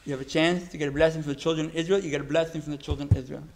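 A man's voice: a little high, fairly even intonation, rapid-fire, vocal fry, a little hiss or hum, voice pushed down. A man voicing a stubborn woman who turns down a reward and insists on her mother's advice. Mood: insistent. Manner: insistent, repeats herself.

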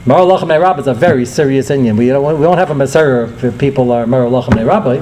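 A man's voice: mid-range voice, quick pace, background noise. A middle-aged man, giving a Torah lecture as a rabbi and telling stories with acted quotes. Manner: storytelling, lively acted quotes, rising and falling delivery.

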